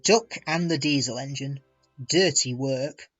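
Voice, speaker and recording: A man narrating a children's railway storybook in a measured, expressive reading. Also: medium pitch. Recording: dull lo-fi with faint music.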